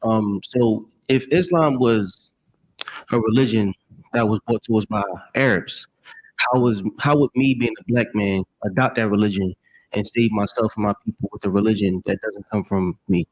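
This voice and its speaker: A man's voice: lowish voice, moderate pace, no echo, low-quality recording. A man from the audience politely asking the panel a question.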